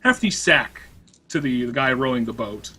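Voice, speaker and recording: A man's voice: mid-range voice, animated, bright, forceful tone, slight background noise. A man running a tabletop role-playing game as game master, narrating with many restarts and fillers. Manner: halting, filler-heavy narration.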